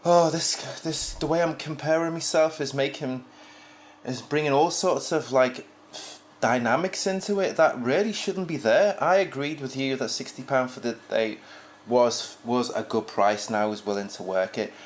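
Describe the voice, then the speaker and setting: Put on by a man, this is a cheated-feeling labourer in a retold parable. He sounds noticeably higher than his own voice and complains with indignation. His complaint is all about fairness. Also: moderate pace, slight background noise, natural voice. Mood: sheepish realization.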